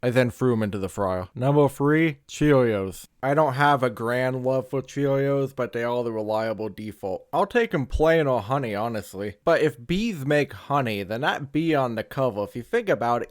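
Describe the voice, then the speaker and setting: A man's voice: medium pitch, animated, moderate pace, few pauses, dry recording, clean studio sound. A man hosting a comedic cereal ranking, rambling into absurd tangents with mock-dramatic delivery. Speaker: comedic video host.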